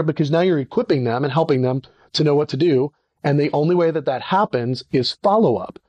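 Animated man teaching on leadership. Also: breathy edge, no echo. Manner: animated, acts out little dialogues with sudden pitch jumps. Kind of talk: conversational teaching talk.

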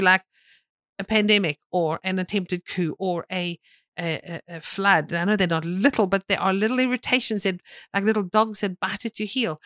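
A woman's voice: mid-range voice, a bit bright, no echo. A woman delivering a sermon in an emphatic, repetitive preaching manner, swinging into sudden dramatic bursts. Her voice sits in a middle range for a woman. The recording is dry and close.

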